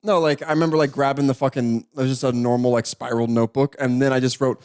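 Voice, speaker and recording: A young man co-hosting a podcast in casual chat, jokey, asking lots of questions and laughing loudly. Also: medium pitch, steady tone, quick pace, clean tone. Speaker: podcast co-host.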